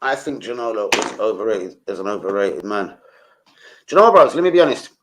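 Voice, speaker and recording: A man's voice: on the low side, animated, brisk, background noise. A man chatting casually on a football fan vlog, rambling and full of slang and swearing. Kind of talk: casual livestream chat.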